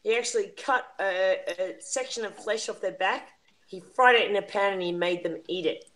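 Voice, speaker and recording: A woman's voice: medium pitch, moderate pace, a bit bright, rough recording. A woman hosting a casual panel chat, talking in an emotional, indignant rant. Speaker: livestream panel host.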